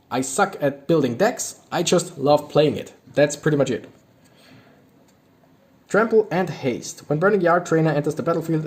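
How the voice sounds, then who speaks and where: A young adult man casually reading card text aloud while opening card packs, breaking into excitable reactions. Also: a little high.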